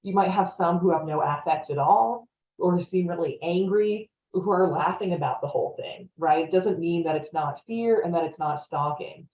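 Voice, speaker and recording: A woman's voice: lowish voice, normal speed, a little mellow, a little hiss or hum. A woman presenting a training webinar in a conversational way, often checking in with "right?". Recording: roomy, distant, dull-sounding audio.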